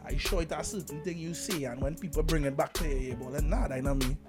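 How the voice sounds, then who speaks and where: A man's voice: fairly high pitch, steady tone, quick pace. A man in casual, teasing banter with friends, talking in a sing-song way and laughing often. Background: music.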